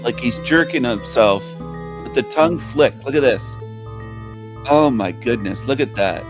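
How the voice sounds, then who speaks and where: A man's voice: medium pitch, animated, unhurried, over music. A man mocking a video he is reacting to, sarcastic and crude.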